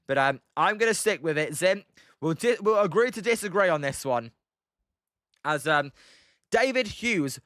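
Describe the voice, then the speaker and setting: Bright British man calling baseball. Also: on the high side, clean tone, no room sound, studio quality. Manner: rambling, frequent ums, answers chat by name. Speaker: livestream baseball commentator. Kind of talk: casual play-by-play with chat replies.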